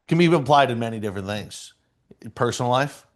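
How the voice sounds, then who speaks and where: A man's voice: mid-range voice, animated, fast talker. A man co-hosting a casual podcast chat, laid-back and casually swearing. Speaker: podcast co-host.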